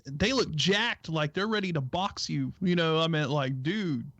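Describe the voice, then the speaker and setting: Man, higher voice, earnest explaining, dry muffled stream audio. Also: normal speed, a bit bright, dry recording. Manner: earnest, explaining, lots of "you know" and "right?". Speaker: co-host. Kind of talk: casual chat.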